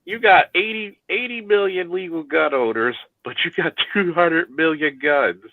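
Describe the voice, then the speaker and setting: A man's voice: a little high, moderate pace, no room sound, narrow, tinny audio. A man hosting a casual chat, swearing freely, laughing and restarting his sentences. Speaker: host.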